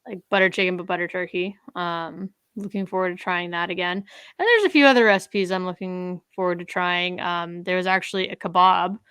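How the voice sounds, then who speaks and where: A woman's voice: on the low side, a little fast, a bit bright, clean tone, no room sound. A young adult woman from Canada hosting a casual podcast chat with friends, chatty and laughing often. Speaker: podcast host.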